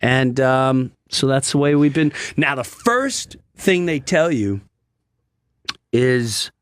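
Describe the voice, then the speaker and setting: A man's voice: medium pitch, expressive, takes it slowly, smooth, dry recording. A man, a guest comedian, earnestly telling a personal story in a casual studio chat and acting out what other people said.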